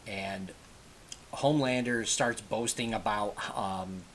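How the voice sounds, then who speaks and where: A man with a lowish voice recaps a TV episode in loose, conversational fashion. He rambles, circles back and corrects himself as he goes. A faint hiss sits under the recording. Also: takes it slowly, a bit bright. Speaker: TV episode reviewer. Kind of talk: casual spoken episode recap.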